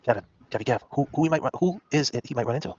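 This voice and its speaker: A man rattles off his true-crime commentary at breakneck speed, his pitch swinging widely as he acts out quotes. The sound is dry and a little dull, like a low-fi stream. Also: slight background noise. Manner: rapid, animated, acts out quoted people in put-on voices. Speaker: podcast host.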